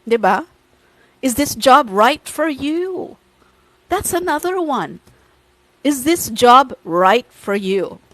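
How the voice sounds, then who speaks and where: A woman's voice: a little high, no room sound, poor audio. A woman hosting a podcast, giving blunt, profane advice and switching between English and Tagalog. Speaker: podcast host.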